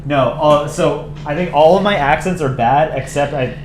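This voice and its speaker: A man's voice: a little high, moderate pace. A man streaming live, chatting casually as he reviews fan art, rambling with frequent ums. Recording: echoey room with background noise.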